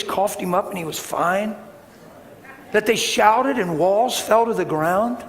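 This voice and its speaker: A man preaching a sermon as a story, animated, acting out voices and building up to shouts. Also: sits high, unhurried. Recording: hall reverb with faint noise.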